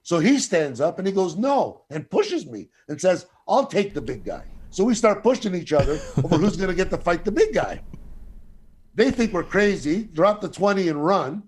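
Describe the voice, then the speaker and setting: A man's voice: high voice, moderate pace. Older man telling a salty story. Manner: profane, animated anecdote teller. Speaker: actor guest. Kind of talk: casual storytelling.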